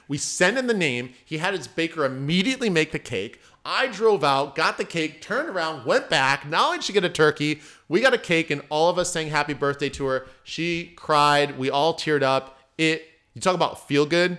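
A man, a mindset coach, telling stories in a casual, animated way as a podcast guest. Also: on the high side, normal speed. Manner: animated, acts out voices in anecdotes. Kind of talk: casual storytelling.

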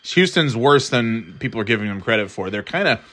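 A man's voice: mid-range voice, lively intonation, fairly quick, pushed and bright. A man rambling casually through his football picks, swearing and mocking himself, with many restarts. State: throat irritated, clearing it. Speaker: podcast host giving football picks.

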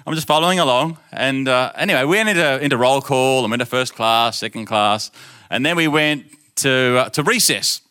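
A man's voice: mid-range voice, normal speed, bright, forceful tone, clear, resonant tone. A middle-aged man preaching in a casual storytelling style. He acts out the voices of the people in his story and laughs often. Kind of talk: storytelling sermon.

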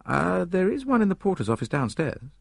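A matter-of-fact lift attendant, put on by a man answers plainly in a raised, husky voice. The recording is dry and close. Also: high-pitched, very animated, fairly quick, dry recording, voice pushed up, exaggerated voice. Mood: puzzled. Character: plain-spoken male lift attendant, puzzled.

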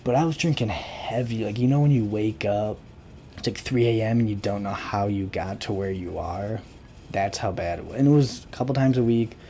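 A young man rambling through a sarcastic, deadpan comic monologue as host of his own talk show. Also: lowish voice, normal speed, a little hiss or hum. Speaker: podcast host. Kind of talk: casual comedic monologue.

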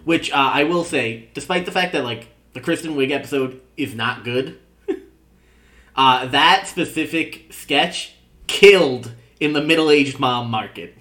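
A podcast co-host reviewing sketch comedy talks through a recap in loose, casual chat, laughing often and leaning on "uh" as he restarts his thoughts. His middle-pitched voice is fairly bright, his pace measured, and the sound reverberant, like easygoing podcast banter.

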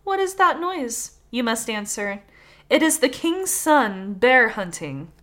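A tricky little female fox who scolds and jeers, read aloud by a woman. The voice is bright and lively, rising and dropping freely. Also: a little high, takes it slowly, exaggerated voice. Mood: chiding. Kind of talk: casual podcast reading.

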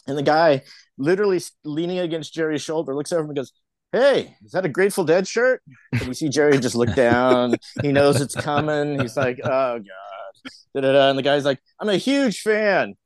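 A middle-aged man from the San Francisco Bay Area, a filmmaker guest telling lively stories in casual chat and acting out the quotes. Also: mid-range voice, no echo. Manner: animated storyteller, acts out quotes.

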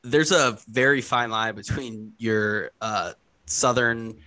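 A man's voice: medium pitch, fairly even intonation, takes it slowly, bright, forceful tone. A man co-hosting a casual comedy podcast, dropping wry teasing remarks. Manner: wry teasing one-liners. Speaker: podcast co-host.

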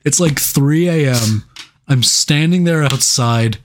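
A man's voice: fairly high pitch, takes it slowly, slight background noise. A young man co-hosting a podcast, telling long rambling stories in casual profane chat and laughing as he goes. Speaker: podcast co-host.

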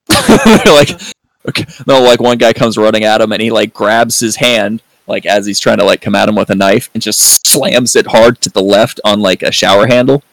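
A man's voice: on the low side, fairly even intonation, normal speed, vocal fry, dry recording, rough recording. A man hosting a podcast in casual review chat, rambling with lots of fillers and free swearing. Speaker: podcast host.

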